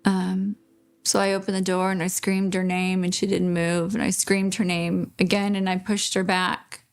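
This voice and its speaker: A woman speaking as a grieving mother in an interview, halting and pausing, restarting her sentences. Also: on the low side, monotone, gravelly. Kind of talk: emotional interview testimony.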